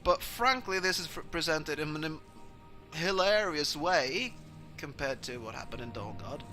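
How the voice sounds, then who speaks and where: Bright, animated male let's-player, playful narration with light background noise. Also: a little high, a little slow, faint music behind, rough recording. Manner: playful, paraphrases characters in put-on voices. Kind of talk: casual game commentary with voiced dialogue.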